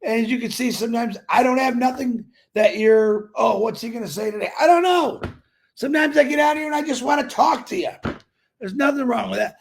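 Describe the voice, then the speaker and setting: A man's voice: very high voice, brisk. A man hosting a daily live stream, greeting viewers by name and chatting in an upbeat, rambling way.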